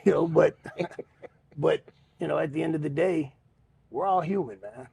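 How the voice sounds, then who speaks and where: A man's voice: fairly high pitch, lively intonation, normal speed, a little mellow, a little hiss or hum. A man co-hosting a podcast, talking frankly and profanely with a self-mocking streak. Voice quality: gravelly. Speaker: podcast co-host. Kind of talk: candid podcast chat.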